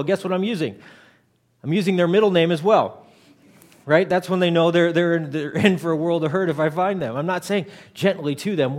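Man in his thirties, pastor, casual sermon delivery with a touch of a higher pitch and frequent restarts. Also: moderate pace, a little mellow. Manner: conversational, repeats words when starting a thought.

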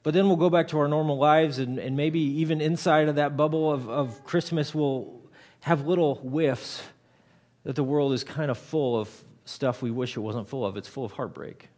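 A man's voice: on the high side, moderate pace, a little mellow. A man in his thirties, a pastor giving a conversational sermon, often repeating words as he starts a thought.

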